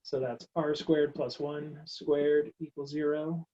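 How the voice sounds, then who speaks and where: A man's voice: on the high side, little pitch movement, slow pace, mellow, muffled recording. A man teaching a recorded math lecture, working through steps aloud in a casual, wry way. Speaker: math instructor.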